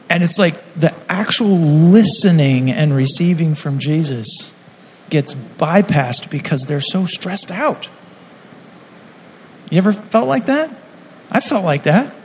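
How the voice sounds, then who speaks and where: An earnest male preacher delivers a sermon in a chatty, conversational way and slips into little acted quotes. His voice sits somewhat high for a man. A faint background noise runs under the recording. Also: lively intonation, measured pace, a little mellow, rough recording.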